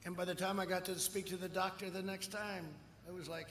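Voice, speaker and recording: A candidate in his 70s speaks fairly quickly with few pauses, his high, fairly bright voice barely moving in pitch. His rally speech is rambling and repetitive, laced with mockery. Recorded through an outdoor rally's sound system, it has long reverb, echo, and faint noise.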